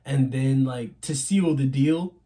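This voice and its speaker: A young man co-hosting a podcast, telling a childhood story in casual chat, animated and often laughing. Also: mid-range voice, slow pace. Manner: animated, laughing, acts out quotes. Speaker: podcast co-host.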